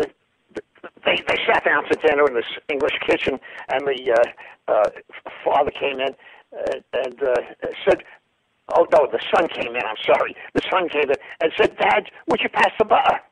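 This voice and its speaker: Brief: older male guest, husky voice, halting anecdotal delivery, dry close sound. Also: on the high side, no echo, rough recording. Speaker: guest, former news reporter. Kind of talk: storytelling interview.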